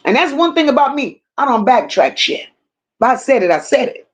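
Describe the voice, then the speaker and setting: Blunt, high-voiced woman livestream host. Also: big pitch swings, normal speed. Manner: blunt, emphatic, greets viewers by name. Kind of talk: casual livestream commentary reading chat.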